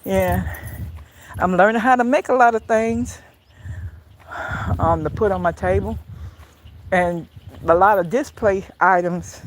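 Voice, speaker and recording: Rambling woman on a phone stream. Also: medium pitch. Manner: chatty and rambling, repeats phrases. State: out of breath from walking. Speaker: vlogger. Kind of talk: casual live-stream chat. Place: walking outdoors, then at home. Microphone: phone camera. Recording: noisy phone live stream.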